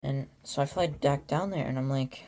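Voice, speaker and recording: A man telling an absurd made-up origin story in a rambling, deadpan way, full of restarts and acted-out quotes. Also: mid-range voice, normal speed. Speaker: YouTuber.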